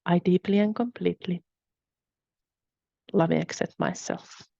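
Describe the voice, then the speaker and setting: A woman hosting a webinar, guiding a tapping exercise with calm, repetitive phrases to repeat after her. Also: fairly low pitch, unhurried, vocal fry, no room sound, dull audio. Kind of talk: guided repeat-after-me instruction.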